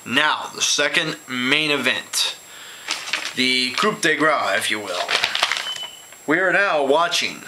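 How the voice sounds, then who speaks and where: A man's voice: on the high side, sharp tone, rough recording. A man giving a casual spoken review of a wrestling show, opinionated and given to sarcastic asides.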